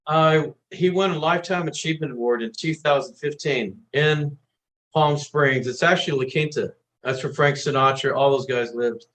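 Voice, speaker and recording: A man, a singer-songwriter guest, telling animated anecdotes in a casual interview. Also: on the high side, normal speed, low-quality recording. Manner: animated anecdotes, acts out quotes.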